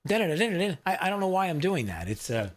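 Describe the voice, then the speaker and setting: A man's voice: a little high, big pitch swings, fast talker. A man hosting a talk radio show in a studio, rambling casually with many fillers and asides to his producer.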